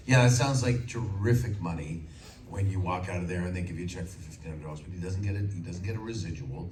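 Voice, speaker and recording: A man in his sixties, a voice actor telling animated stories on a convention panel and slipping into character voices. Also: low-pitched, quick pace. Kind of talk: anecdotal panel storytelling. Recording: echoey hall from far off, loud crowd.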